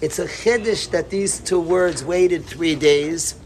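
A man giving a Torah lesson as a rabbi, animated, moving between soft talk and emphatic bursts, with Yiddish and Hebrew words mixed in. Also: on the high side, takes it slowly, a little hiss or hum.

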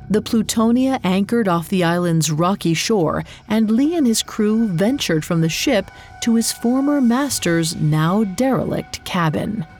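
Woman narrator, slow and measured, mid-pitched, dramatic storytelling. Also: a little mellow. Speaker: podcast narrator.

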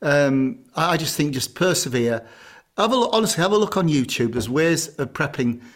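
A man talks in a blunt, jokey way, swearing casually as he chats on a podcast. His voice sits a little high for a man. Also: lively intonation, moderate pace. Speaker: podcast co-host, chef. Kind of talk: casual chat.

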